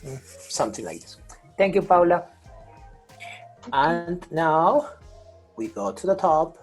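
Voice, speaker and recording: A man's voice: fairly high pitch, expressive, slow pace, faint music behind, poor audio. A man teaching an online English grammar class over a video call, patient, repeating and rephrasing with many fillers.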